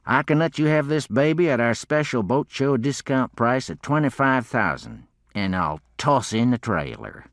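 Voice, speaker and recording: A man's voice: medium pitch, sing-song, normal speed, few pauses, no echo, clean studio sound, pitched above the performer's own voice. A man voicing an oily, fawning male boat salesman in an audiobook. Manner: smarmy and ingratiating. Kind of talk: audiobook character voice.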